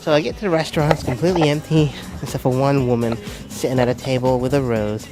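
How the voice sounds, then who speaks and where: On stage at a ball, a young comedian runs through a self-deprecating set, speaking quickly in a medium-pitched voice. His storytelling is lively and full of put-on voices, and music can be heard in the background.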